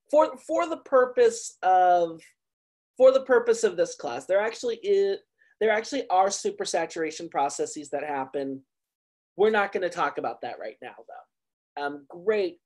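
Male college instructor, lively up-and-down delivery, joking, engaging, teaching over a video call. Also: high voice. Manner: lively, playful explainer who asks the class questions. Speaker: university meteorology instructor. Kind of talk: online class lecture.

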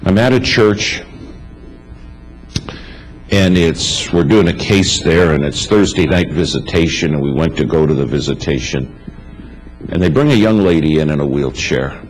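Deep-voiced male preacher telling stories. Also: moderate pace, pauses often, soft background music, low-quality recording. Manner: emphatic, builds lists with repetition. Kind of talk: storytelling sermon. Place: church.

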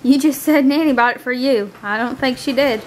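A woman making quick, offhand remarks in casual chat. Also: sits high, background noise. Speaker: vlogger's partner.

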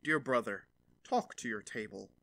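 A man's voice: medium pitch, moderate pace, gravelly, pushed and bright, pitched below the performer's own voice. A man voicing a boastful young journeyman turner in a fairy tale reading. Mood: proud. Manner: boastful, commanding.

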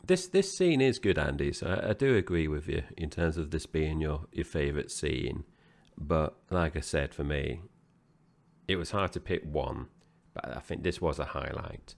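A man with a very deep, low voice talks through a film in relaxed podcast chat. He rambles, circles back and restarts his sentences as he goes. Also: moderate pace, gravelly. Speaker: co-host of a film review podcast. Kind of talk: casual chat.

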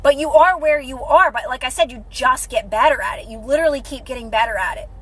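A woman's voice: sits high, fast talker, slightly rough, low-quality recording. A woman hosting a casual motivational livestream, repeating herself encouragingly and greeting viewers by name. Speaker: livestream host.

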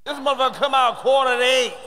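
Man, stand-up comedian, shouting, profane, very high voice, live theater reverb. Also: fairly even intonation, fast, slight background noise. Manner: loud, profane, shouting punchlines. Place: large theater stage with audience. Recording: live concert hall reverb.

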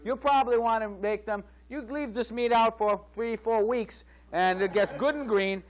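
A man's voice: high-pitched, moderate pace, close to an everyday voice. A man voicing a hammy male TV chef who puts on a phony Italian accent and chats boastfully through a spoof cooking segment. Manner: chatty, boastful, laughing at his own jokes.

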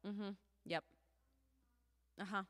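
A woman leading a children's sermon in a church, telling a story and asking the children questions in an animated way. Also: medium pitch, slow pace. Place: church sanctuary. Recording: long church reverb.

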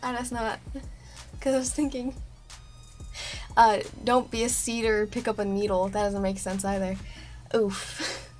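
A woman vlogging casually about a craft project, playful and excitable, joking to the camera. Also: medium pitch, normal speed, long pauses, soft background music.

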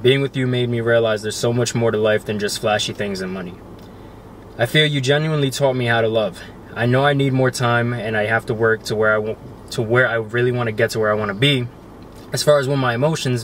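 A young man reading a heartfelt love letter aloud on a couple's vlog, soft and emotional, close to choking up. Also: mid-range voice, fairly even intonation, a little fast. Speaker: couple vlogger. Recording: faint background noise.

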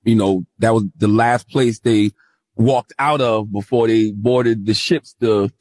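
An American man talking on a casual podcast, telling a travel story with emphasis and briefly jumping into high-pitched impressions. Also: fairly even intonation, measured pace, darkish tone, no room sound. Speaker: podcast co-host.

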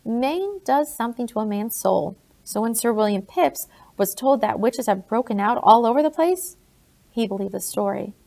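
A woman reading an audiobook, voicing a blunt, grave older colonial gentleman in her own plain voice. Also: on the high side, expressive, moderate pace, gravelly.

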